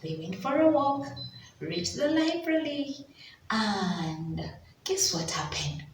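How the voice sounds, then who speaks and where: A woman's voice: medium pitch, sing-song, far from the mic, a little hiss or hum. A woman with a Ugandan English accent, a preschool teacher telling a story to children in a phonics lesson. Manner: slow, drawn-out sounds, storytelling to children. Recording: echoey room, voice off-mic.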